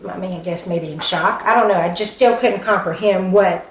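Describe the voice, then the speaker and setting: A woman interviewed about her sister's death, speaking haltingly and acting out what people said to her. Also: on the low side. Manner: halting, acts out quoted dialogue, frequent "um" and "you know". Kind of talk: recounting events in an interview. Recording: echoey room with faint background noise.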